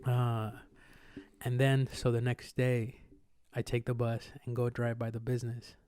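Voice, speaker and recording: A man's voice: mid-range voice, a little slow, clean tone, no echo. Slangy young man, dry close sound. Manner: animated, slangy and profane, acts out sounds and voices. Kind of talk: casual storytelling chat.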